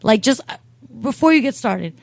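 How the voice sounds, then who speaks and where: A woman tells a comedic story in a loud, animated and profane way, slipping into voices for everyone in it. Her voice is recorded dry and close, with no room sound. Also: a little high, normal speed, creaky, no echo.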